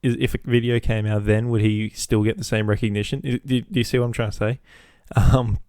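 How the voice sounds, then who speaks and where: Rambling young Australian man, low voice. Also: little pitch movement, fairly quick, a little mellow, clean tone, no room sound, studio quality. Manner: rambling and crude, swears freely. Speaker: podcast host. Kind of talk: casual solo podcast monologue.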